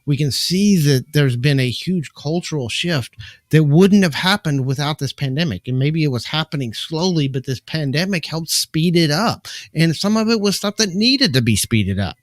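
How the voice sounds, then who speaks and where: A man hosting a live stream from home, giving a calm, earnest and measured reflective spiritual talk into a microphone. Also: fairly high pitch, no echo. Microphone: desk microphone.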